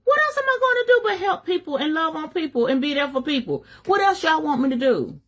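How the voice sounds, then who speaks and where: Middle-aged woman, spiritual advisor, fiery live-stream sermon, swings her pitch up and down, fairly high voice. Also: sing-song, brisk, fairly bright tone. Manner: fiery and emphatic, with a preacher's cadence; African American Vernacular English with salty swearing. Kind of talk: preaching-style live stream message.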